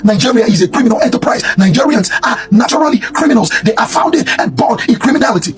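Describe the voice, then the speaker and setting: A man with a hoarse, worn voice, ranting in a repetitive, preachy reaction commentary. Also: very high-pitched, lively intonation, fast talker, faint music behind. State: hoarse, lost voice.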